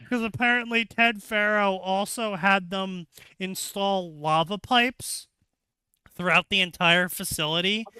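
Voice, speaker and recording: A man's voice: high-pitched, sharp tone, clear, resonant tone, no room sound. A man retelling a video game plot for comedy, laughing a lot and dropping into silly voices for the characters. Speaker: co-host recounting a game plot. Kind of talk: comedic casual retelling with acted quotes.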